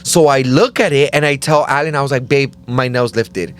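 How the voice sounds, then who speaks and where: Chatty man telling stories, slightly high voice. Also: brisk, clear, resonant tone. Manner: animated, acts out quotes in higher voices, says "like" often. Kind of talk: casual storytelling chat.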